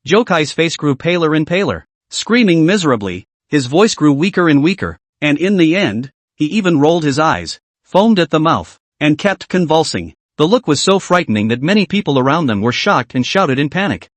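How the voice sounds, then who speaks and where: Male recap narrator, dramatic and clipped, bit high, pitch swinging, dry close mic. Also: expressive, normal speed, hardly any pauses, no echo. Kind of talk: scripted story recap narration.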